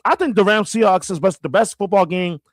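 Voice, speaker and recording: A man in casual sports talk, animated and often restarting his sentences with stammered repeats. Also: high-pitched, a little fast, dry recording, studio quality. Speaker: radio host guest.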